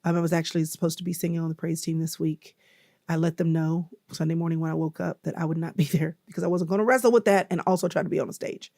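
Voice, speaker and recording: A woman's voice: low-pitched, fairly even intonation, fast talker, mellow, dry recording, studio quality. A woman in her fifties hosting a podcast, talking conversationally and emphatically to her listeners in a casual motivational style. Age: 50s. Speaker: podcast host.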